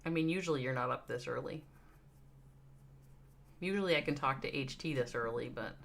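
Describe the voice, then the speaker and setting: A woman's voice: deep voice, lively intonation, normal speed, gravelly, long pauses, a bit bright. A woman with a Midwestern accent chatting casually with viewers on a live game stream, thinking aloud and reading out their names. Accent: American Midwestern.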